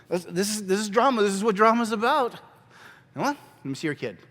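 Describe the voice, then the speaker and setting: A man leading a church skit class, coaxing volunteers in a lively way and laughing often. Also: high voice, in a large hall. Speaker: drama workshop teacher. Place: church hall.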